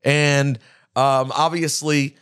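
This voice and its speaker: A man's voice: a little high, level tone, takes it slowly, a bit bright, clean tone. A man co-hosting a podcast, chatting casually and thinking aloud with fillers and restarts. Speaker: podcast co-host. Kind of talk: casual chat.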